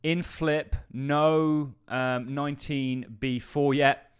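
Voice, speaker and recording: A man hosting a crypto channel in casual, enthusiastic market commentary. He pushes key points with emphasis and keeps breaking off into quick offhand asides. His voice sits at an ordinary middle pitch for a man. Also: steady tone, clear, resonant tone.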